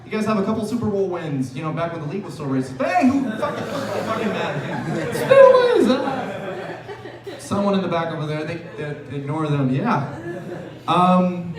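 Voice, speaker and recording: A young man with a high voice works through a rambling, profane stand-up set on a bar stage. He is caught from far off by the camera, so the room's echo comes through along with the noise of the audience. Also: very animated, moderate pace. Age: 20s. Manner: loose, rambling, profane delivery. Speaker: stand-up comedian. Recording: roomy, distant bar recording with crowd.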